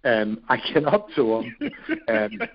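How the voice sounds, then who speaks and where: A man from Ohio, a radio personality, telling stories as a podcast guest in an animated, excitable way. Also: a little high, unhurried, vocal fry. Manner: animated, excitable storyteller with frequent fillers. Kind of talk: casual storytelling interview. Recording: dull lo-fi podcast audio.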